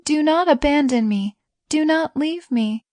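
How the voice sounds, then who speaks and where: A woman voicing a tender young heroine who pleads in a high, emotional voice. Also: takes it slowly, no echo. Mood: pleading.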